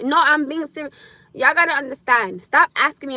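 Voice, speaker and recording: A woman chatting casually on a livestream, loud and laughing often as she answers comments. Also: high-pitched, a little fast, no room sound. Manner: loud, laughing, talks back to chat. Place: in her car.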